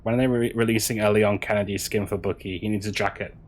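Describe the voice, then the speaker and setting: Guy streaming a game and chatting with chat, kinda low voice, trips over his words a lot. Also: fairly even intonation. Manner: halting, chatty, many restarts, answering chat. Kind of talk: casual stream chat while gaming.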